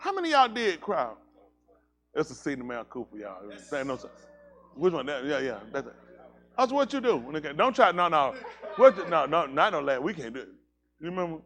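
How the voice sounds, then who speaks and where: Man, pastor, high voice, very lively pitch, teasing banter, animated outbursts, casual preaching. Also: brisk. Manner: animated, teasing, bursts into loud exclamations.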